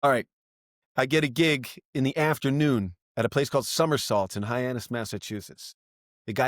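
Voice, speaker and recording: A man's voice: medium pitch, a little fast, no room sound, studio quality. A man, a stand-up comic guest on a podcast, telling a long anecdote and acting out the voices of the people in it. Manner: animated, acts out voices in anecdotes. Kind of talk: casual storytelling.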